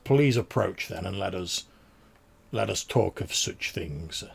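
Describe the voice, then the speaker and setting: Brief: man playing a sonorous aging duke, gravelly and commanding, husky edge. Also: animated, takes it slowly, full character voice. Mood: formal. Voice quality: low, sonorous. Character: regal older male duke, commanding.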